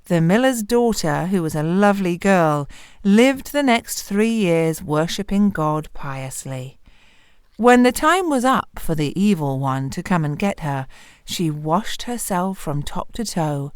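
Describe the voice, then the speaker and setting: A woman narrating a dark fairy tale in an expressive storytelling manner. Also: on the low side, measured pace, clear, resonant tone, no echo, studio quality.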